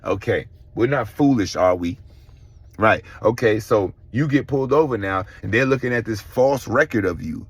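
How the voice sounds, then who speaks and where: A middle-aged man, telling his own story in a casual vlog, animated and swearing, acting out other people's voices. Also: on the low side, brisk, slightly rough, dry recording. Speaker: vlogger.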